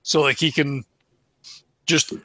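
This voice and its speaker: A man telling his part in a tabletop game in an animated way, swearing a lot. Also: fairly high pitch, takes it slowly, no echo. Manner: animated storytelling, swears often. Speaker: player. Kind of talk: casual tabletop role-play.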